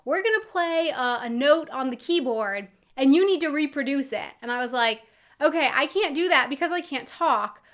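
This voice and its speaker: A young American woman talking casually to her camera as a vlogger, earnest and quick to laugh. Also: sits high, animated. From United States.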